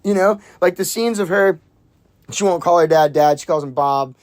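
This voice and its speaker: Rambling, excitable movie reviewer. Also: medium pitch, moderate pace. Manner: rambling and excitable, full of "like" and restarts; swears casually. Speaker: film reviewer. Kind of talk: casual movie review chat.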